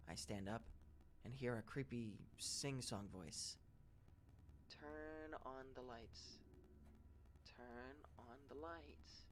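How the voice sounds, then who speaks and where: A man narrating first-person scary stories in a steady, even read-aloud delivery. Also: fairly low pitch, a little hiss or hum. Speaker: story narrator.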